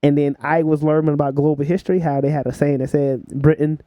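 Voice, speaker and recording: A young man telling stories as a podcast guest in a relaxed chat, laughing often and filling pauses with "uh" and "like". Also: a little high, no room sound, muffled recording. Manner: laughs while telling stories, many fillers. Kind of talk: casual storytelling chat.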